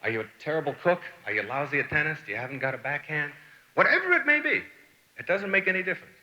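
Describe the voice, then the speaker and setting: A man's voice: on the high side, very fast, dull audio. A middle-aged man giving a motivational lecture, telling anecdotes and acting out the people he quotes. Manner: animated storyteller, acts out quoted people. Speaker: motivational speaker.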